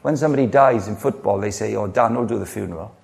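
Man, middle-aged, pastor, earnest sermon, conversational, gravelly. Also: fairly low pitch, fast, darkish tone. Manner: earnest, conversational, frequent restarts. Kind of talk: sermon with personal stories.

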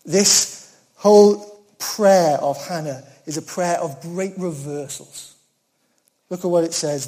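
A man delivering a sermon with a fairly high but warm, mellow voice. He keeps it earnest and conversational, with self-deprecating humor. He swings from loud emphasis down to hushed, quiet asides. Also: slow. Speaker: preacher.

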